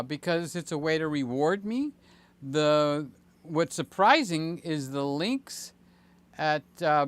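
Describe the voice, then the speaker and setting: Rambling older man, smooth clear voice. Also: on the high side. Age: 60s. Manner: rambling, jokey, with many fillers and sudden excited jumps. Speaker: channel host. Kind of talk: casual livestream chat.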